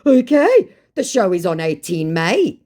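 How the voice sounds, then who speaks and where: A woman's voice: fairly low pitch, sing-song, a little slow, dark tone, voice pushed up. A woman reading the lines of a pushy male scammer who poses as a singer, speaking in blunt, broken phrases.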